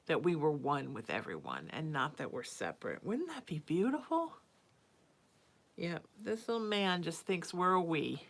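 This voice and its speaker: Woman host cooing baby talk to her cat. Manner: coos baby talk to her cat, sing-song pitch leaps. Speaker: psychic and livestream host. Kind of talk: casual livestream chat.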